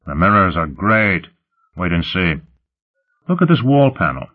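A man voicing a brash, gloating pleasure-seeker with a low, lively voice, over a tinny phone-like line. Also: a little slow, exaggerated voice.

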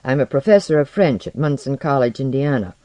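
A modest professor, lost in time and fumbling for answers, as a storyteller voices him, pressing questions in a lively, rising voice. The sound is close and dry, with no room around it. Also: mid-range voice, a little fast, no room sound, close to an everyday voice. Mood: flustered. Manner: demanding, flustered questions. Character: modest, bewildered modern male professor. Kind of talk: read-aloud storytelling.

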